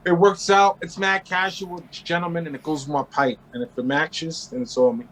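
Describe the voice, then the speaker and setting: Interview guest: man in his forties from Queens, brash and profane, high voice. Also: level tone, fairly quick, a bit bright, rough recording. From Queens, New York. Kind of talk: casual interview storytelling.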